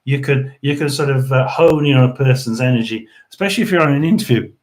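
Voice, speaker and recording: A man's voice: mid-range voice, quick pace. Rambling man hosting a live chat. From United Kingdom. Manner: rambling, with many restarts and throat-clearing. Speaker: host of a tarot and paranormal live stream. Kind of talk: casual live-stream chat.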